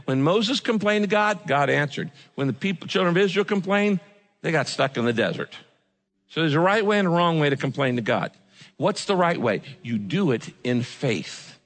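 A male pastor preaching a sermon, swinging from loud pleading prayers to hushed, earnest asides. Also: medium pitch. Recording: music under the voice, long hall reverb.

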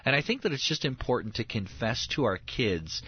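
A pastor in his thirties, appearing as a guest on a radio talk show, speaks earnestly in a medium-pitched, slightly breathy voice at a moderate pace. He tells his stories with animation, acting out the quotes. The highs in the recording are cut off.

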